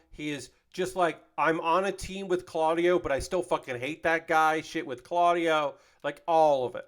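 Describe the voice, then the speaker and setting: A man in his thirties hosting a casual livestream, ranting with passion and heavy profanity, repeating and restarting his sentences. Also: medium pitch. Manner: repeats himself and restarts often. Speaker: livestream host.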